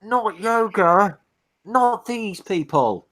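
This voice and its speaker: A man's voice: high-pitched, expressive, drawn-out words, crowd noise. A man in a casual stream chat, reacting with exasperation and swearing.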